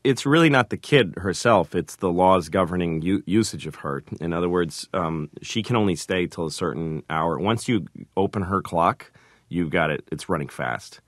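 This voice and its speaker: Deep-voiced man telling stories in an interview. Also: expressive, dry recording, studio quality. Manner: halting, self-deprecating, acts out quotes. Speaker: comedian and sitcom creator. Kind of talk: interview storytelling.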